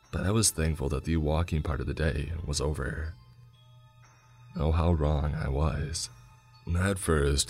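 A man narrating a scripted horror story in a measured, grim storytelling manner. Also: a bass voice, a little mellow.

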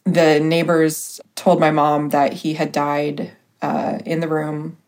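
A woman with a notably low voice talks through a personal story as a podcast guest. Her telling is casual and halting, with frequent pauses and small fillers as she searches for words. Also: little pitch movement, darkish tone. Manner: hesitant, full of pauses and fillers.

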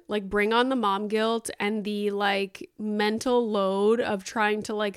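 A woman's voice: medium pitch, clear, resonant tone, no echo, clean studio sound. A woman in her thirties from Canada, hosting a casual solo podcast and telling a rambling, exasperated story full of "like" fillers. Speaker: podcast host.

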